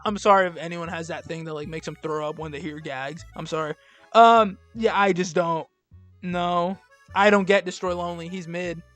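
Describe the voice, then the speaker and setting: A man's voice: high voice, steady tone, moderate pace, a bit bright, faint music behind. A young man giving casual, blunt and sarcastic commentary as he ranks albums, rambling with lots of fillers. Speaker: video creator ranking albums. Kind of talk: casual rant-style commentary.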